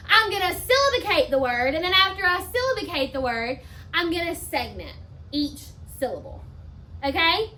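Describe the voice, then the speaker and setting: A woman teacher giving a spelling lesson, talking slowly and emphatically and sounding words out part by part. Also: very high voice, sharp tone, a little hiss or hum. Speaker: elementary school teacher.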